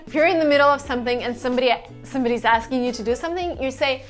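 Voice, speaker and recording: A woman teaching everyday phrases in a casual lesson, acting out the examples with lively expression. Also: sits high, fast, faint music behind. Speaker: English teacher.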